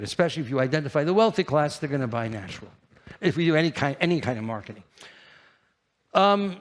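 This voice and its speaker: Brash, animated New man. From New York. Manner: brash, animated, jumps to high loud bursts, quizzes the audience. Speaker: keynote speaker at a trade fair. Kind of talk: live conference presentation.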